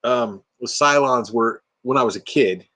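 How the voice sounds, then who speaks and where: A man's voice: medium pitch, a little slow, pushed and bright. An older man from Texas with a Texan accent, hosting a casual live chat and joking around with silly bits. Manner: jokey, slips into silly bits and voices. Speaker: livestream host.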